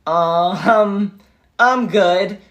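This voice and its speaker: A woman's voice: mid-range voice, extremely slow. A woman voicing a nervous married man who stammers and pushes back at an unwanted advance. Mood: flustered.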